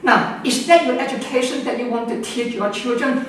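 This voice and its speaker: A man's voice: very high-pitched, normal speed, a bit bright. A man giving emphatic, lecturing answers in an interview, often repeating words and restarting. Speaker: interviewed scholar. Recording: echoey room, distant mic, faint noise.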